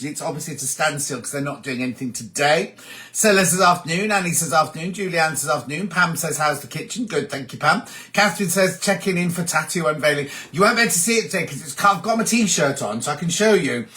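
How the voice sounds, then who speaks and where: A man's voice: fairly high pitch, bright, forceful tone. A man from England hosting a casual live chat, reading viewer comments aloud and answering them.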